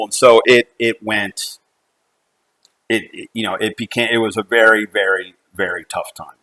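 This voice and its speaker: With a lowish, bright and forceful voice and fairly level intonation, a middle-aged U.S. company CEO shares a family story. He speaks earnestly, hesitating and frequently restarting sentences, over poor audio.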